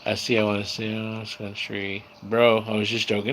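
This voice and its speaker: Speaking fairly quickly at a fairly low pitch, this San Diego, California livestream host keeps a steady tone that comes across pushed and bright, with slight hiss or hum. He chats casually with viewers from home by a screen door, laid-back and full of bro and dude.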